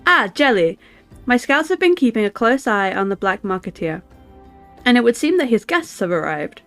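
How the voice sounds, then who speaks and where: A woman's voice: a little high, sing-song, moderate pace, fairly bright tone, soft background music. A woman reading the lines of a formal male knight in a put-on northern English accent, in old-fashioned game dialogue.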